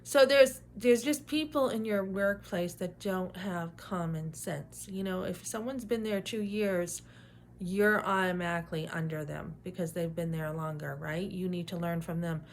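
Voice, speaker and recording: A woman's voice: on the low side, a little slow, a little hiss or hum. Woman telling a workplace story. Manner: animated, retelling dialogue with asides like "right?". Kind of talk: casual storytelling.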